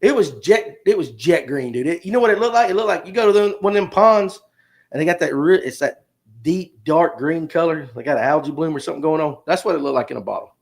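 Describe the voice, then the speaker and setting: A man's voice: on the high side, expressive, fast talker, creaky. A man, hosting a livestream and telling a rambling, jokey story straight to his viewers. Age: 50s. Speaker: podcast host.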